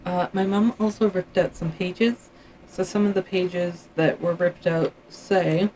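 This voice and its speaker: A woman's voice: fairly low pitch, steady tone, moderate pace, darkish tone, a little hiss or hum, low-quality recording. A Canadian woman chatting casually on her livestream, musing aloud and often trailing off mid-thought.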